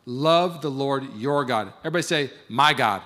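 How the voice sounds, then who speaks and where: A man in his thirties, speaking at a medium pitch and normal speed with a sharp tone, preaches a sermon in a big church hall. Playing both partners, he acts out a marriage story while long reverb fills the room.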